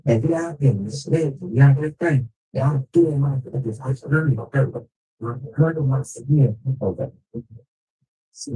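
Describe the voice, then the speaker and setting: Man, slightly high pitch but very mellow and dark timbre, casual rambling storyteller, slangy, swears a lot. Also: low-quality recording. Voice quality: loose, slangy street talk with frequent swearing.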